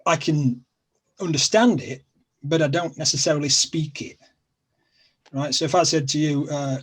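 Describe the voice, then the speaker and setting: A middle-aged Englishman with a Sheffield, South Yorkshire accent speaks at a moderate pace in a slightly high, husky voice. He's a guest in a casual chat, rambling and repeating himself with plenty of fillers.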